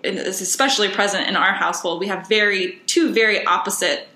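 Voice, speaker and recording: A woman's voice: mid-range voice, fairly even intonation, a little fast, pushed and bright, echoey room, rough recording. A woman hosting a podcast, chatting casually in a rambling way with lots of fillers. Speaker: podcast host. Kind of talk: casual interview chat.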